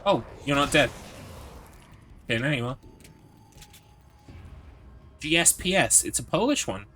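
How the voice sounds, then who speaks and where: A man's voice: on the high side, expressive, measured pace, bright, forceful tone, slight background noise. A man streaming a game live, chatting in an upbeat way, reading chat aloud and laughing often.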